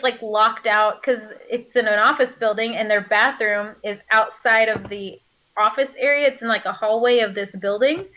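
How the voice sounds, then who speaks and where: A bubbly voice actor with a fairly high, fairly bright voice chats casually in an interview. She laughs often and uses lots of filler words, and the recording sounds slightly muffled.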